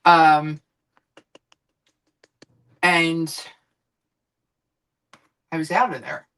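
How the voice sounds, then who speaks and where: A woman's voice: sits low, steady tone, drawn-out words, a bit bright, clear, resonant tone, poor audio. A woman streamer chatting casually while she cooks, rambling and swearing now and then. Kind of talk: casual chat while cooking.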